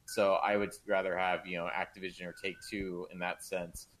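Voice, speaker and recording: A man co-hosting a gaming talk stream, relaxed and hesitant, with frequent ums. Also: low-pitched, a little fast, slight background noise, poor audio. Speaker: co-host. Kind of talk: casual chat.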